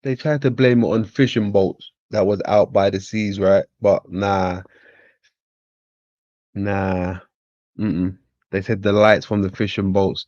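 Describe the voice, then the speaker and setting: Brief: low-voiced man, rambling casual talk, dry dull recording. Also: darkish tone, dry recording. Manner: rambling, self-correcting. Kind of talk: casual musing chat.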